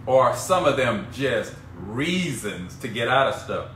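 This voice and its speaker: A man's voice: medium pitch, big pitch swings, a little slow, fairly bright tone, slight background noise. A man coaching on a casual live stream, playful and teasing as he talks to viewers. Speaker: business coach. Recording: echoey room with faint ambience.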